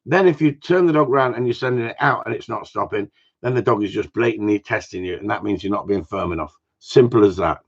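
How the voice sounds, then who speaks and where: A man's voice: on the low side, fairly quick. A man from Cornwall, a gundog trainer, giving blunt, jokey advice in a casual live talk. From Cornwall, England. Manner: blunt, jokey, plain-spoken. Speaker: gundog trainer answering viewer questions. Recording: dull lo-fi sound.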